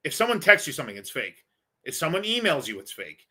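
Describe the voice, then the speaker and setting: A male host rambles through viewer questions in a casual livestream with a bright, forceful voice. He talks bluntly, swears often and pitches a bit on the high side. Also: big pitch swings, fast, slightly rough.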